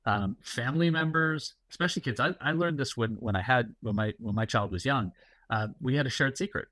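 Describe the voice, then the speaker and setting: A man's voice: medium pitch, brisk, fairly bright tone, no echo. A middle-aged man, a guest security executive, talking casually and explaining at length with many fillers and anecdotes. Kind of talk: casual interview talk.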